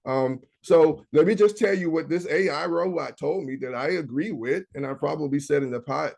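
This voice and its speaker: A man's voice: fairly high pitch, normal speed, gravelly. A man, coaching viewers casually in a live screen-share session. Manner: casual, talks to viewers directly, reads notes aloud. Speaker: online business coach.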